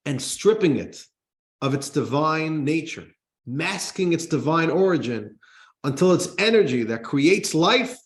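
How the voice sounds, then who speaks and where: A man, a rabbi, teaching a class, reading a text aloud and explaining it in an animated way to listeners. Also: mid-range voice. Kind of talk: Torah class lecture. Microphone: microphone in front of him.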